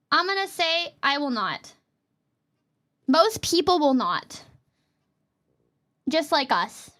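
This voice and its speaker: A young adult woman streaming as a VTuber, chatting casually and playfully with her chat in quick jokey asides. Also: high-pitched, pushed and bright.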